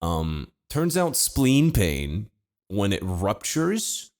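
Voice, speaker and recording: A young man co-hosting a podcast, telling a story in a deadpan, laid-back way with wry asides. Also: on the low side, extremely slow. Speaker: podcast co-host. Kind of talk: casual comedic storytelling.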